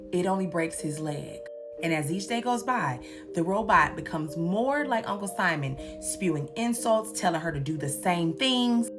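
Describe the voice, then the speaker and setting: A young woman giving a sassy, comedic recap commentary, acting out the characters' lines in different voices. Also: mid-range voice. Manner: sassy, animated, acts out quotes in voices. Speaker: commentary host. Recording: music playing underneath.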